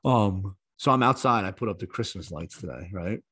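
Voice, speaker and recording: A low-voiced man in his thirties co-hosts a casual podcast chat. He tells stories with plenty of swearing and lively, animated delivery. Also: moderate pace, breathy edge, dry recording. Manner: profane, animated storytelling. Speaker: podcast co-host.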